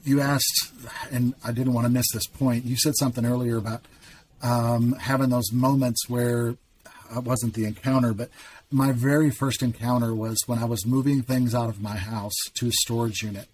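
A middle-aged man telling his faith testimony in casual talk, as an earnest storyteller with quick asides. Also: mid-range voice, level tone, darkish tone, a little hiss or hum. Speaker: podcast guest.

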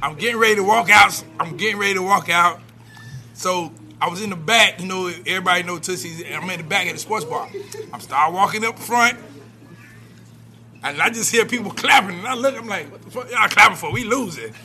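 A male co-host with a very bright, high voice. He tells stories loosely in casual sports talk, laughs through them and repeats words as he goes. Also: brisk, slight background noise.

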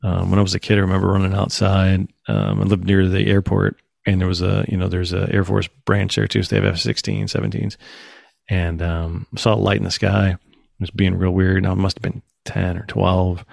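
Male host, casual, lively storyteller, fry in the voice, dry mic. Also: low voice, a little fast, dry recording. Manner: animated storytelling, acts out quotes. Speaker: podcast host. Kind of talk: casual chat.

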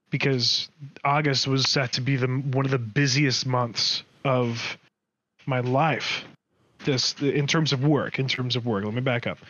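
A man hosting a podcast, telling a story in a casual, animated way, often correcting himself mid-sentence. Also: medium pitch, moderate pace, dry recording, dull audio. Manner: animated, rambling, self-correcting. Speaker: podcast host.

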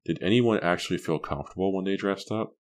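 Very deep-voiced male audiobook narrator. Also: fast. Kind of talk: scripted narration.

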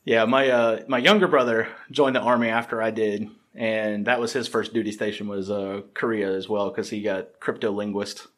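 A man's voice: on the low side, little pitch movement, normal speed, hardly any pauses, a bit bright. A man hosting a podcast from an apartment, chatting casually with a guest and laughing easily. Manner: easygoing, laughs often. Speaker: podcast host. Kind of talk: casual interview chat.

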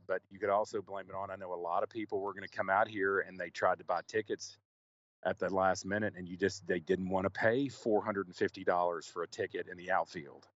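Deep-voiced man rambling on a lo-fi line. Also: fairly bright tone. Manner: rambling, many restarts and fillers. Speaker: reporter on location. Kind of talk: casual podcast call-in report.

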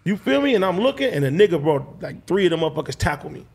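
A man's voice: on the high side, big pitch swings, fast, gravelly, darkish tone, husky. A man telling a long personal story in casual, slang-heavy, swearing chat.

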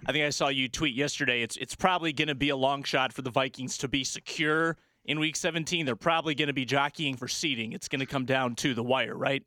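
A man with a hoarse, raspy voice hosting a sports talk show and quizzing his guest in an upbeat way. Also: medium pitch, steady tone, fast, few pauses, pushed and bright, dry recording. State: hoarse from yelling. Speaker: sports podcast host. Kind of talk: casual sports talk and quiz.

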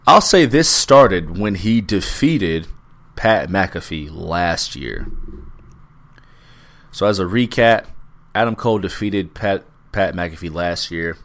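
A man with a low-pitched, animated, slightly bright voice co-hosts a wrestling podcast. Relaxed and profane, he lets his recaps drag on.

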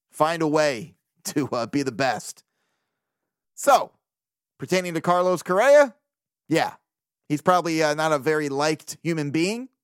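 Excitable, profane male podcast host. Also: a little high, smooth, no echo, studio quality. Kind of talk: casual solo monologue.

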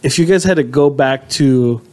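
A man's voice: medium pitch, normal speed, dark tone. A man co-hosting a casual podcast, telling stories through bursts of laughter and casual swearing. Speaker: podcast co-host. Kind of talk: casual chat.

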